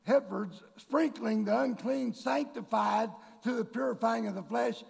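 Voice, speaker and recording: Gravelly high-voiced preacher man. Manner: preaching with sudden shouted, drawn-out emphasis; addresses the congregation directly. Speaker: pastor. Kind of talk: sermon. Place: church. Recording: long reverb of a large hall.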